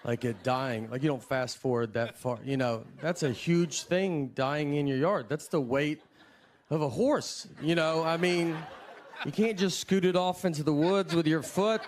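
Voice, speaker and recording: A man doing stand-up comedy at a live show, telling stories in a low-key, rambling, self-deprecating way into a handheld mic. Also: a little slow. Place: live comedy venue with audience.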